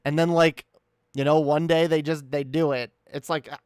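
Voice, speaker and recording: A man's voice: fairly high pitch, flat delivery, normal speed, clean tone, no room sound, clean studio sound. A man giving casual, profane reaction commentary on a video, incredulous and rambling. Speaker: commentary streamer.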